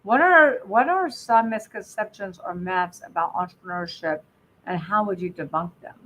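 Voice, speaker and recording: A woman hosting a podcast interview, lively and quick to laugh in casual chat. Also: mid-range voice, poor audio. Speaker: podcast host.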